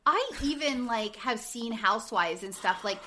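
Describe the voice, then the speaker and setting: A woman's voice: fairly high pitch, lively intonation, normal speed, pushed and bright. A woman co-hosting a casual podcast chat, blunt and candid, laughing often. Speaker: podcast co-host. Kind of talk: casual chat recapping a reality show.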